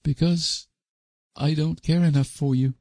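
A man's voice: fairly high pitch, steady tone, a little slow, dark tone, dry recording, voice pushed up. A man reading an audiobook voices a young woman who pleads desperately in a raised voice. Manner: pleading, breathless refusals. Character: young woman, earnest and distraught.

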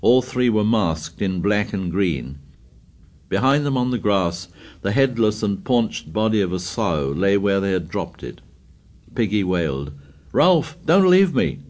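Lower-voiced man narrating a novel. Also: animated, a little slow, darkish tone. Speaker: audiobook narrator. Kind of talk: scripted narration.

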